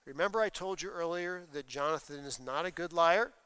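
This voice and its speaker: A man's voice: fairly high pitch, brisk, bright, forceful tone, clear, resonant tone, no echo. A man preaching a sermon, explaining scripture and reading passages aloud with emphasis. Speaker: pastor.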